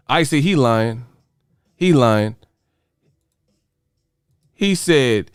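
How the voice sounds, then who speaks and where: A man's voice: mid-range voice, very slow, pauses often, clean tone, dry recording, clean studio sound. A man hosting a livestream, reading the chat aloud and ranting at viewers in a profane, mocking way. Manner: profane, mocking, animated rants. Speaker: host.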